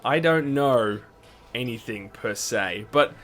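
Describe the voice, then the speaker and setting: A wary middle-aged shopkeeper, as a man plays him, grumbling and suspicious. His voice sits at an ordinary pitch and sounds like everyday talk. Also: lively intonation, slow pace, fairly bright tone.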